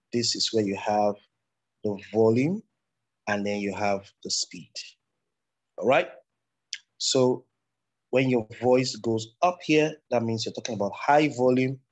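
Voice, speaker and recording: Guy teaching a speaking class over a video call, kinda husky, lots of restarts. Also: medium pitch. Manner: explanatory, repetitive with restarts. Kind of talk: online class lecture.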